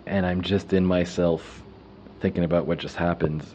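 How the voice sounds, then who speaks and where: A man calmly telling a personal story in the first person, reflective and unhurried. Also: low-pitched, a little hiss or hum.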